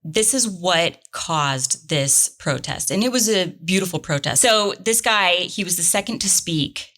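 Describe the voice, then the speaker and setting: A woman with a slightly low voice co-hosts a casual podcast chat. She tells the story with earnest energy, her pitch rising and falling as she speaks. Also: animated, measured pace, a bit bright. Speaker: podcast co-host. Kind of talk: casual conversation, reading a transcript aloud.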